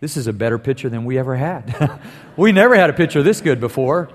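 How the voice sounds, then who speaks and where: A man's voice: a little high, lively intonation, quick pace. A man preaching a sermon as pastor, telling stories and building to emphatic points. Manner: storytelling, building to emphatic declarations. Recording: long reverb of a large hall.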